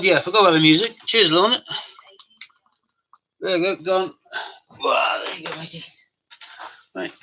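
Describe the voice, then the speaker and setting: A man whose voice is a little high and sharp hosts a home live stream in a room of his house. Jokey and chatty, he talks to both his dog and the live chat, and the stream audio is dull and lo-fi.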